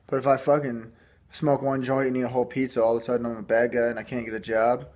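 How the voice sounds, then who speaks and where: A man's voice: little pitch movement, fast, a little mellow. A young man from Michigan telling a long story to camera in a casual, rambling, profane way. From Michigan, USA. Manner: profane, rambling, acts out the cops in a higher pitch. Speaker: vlogger.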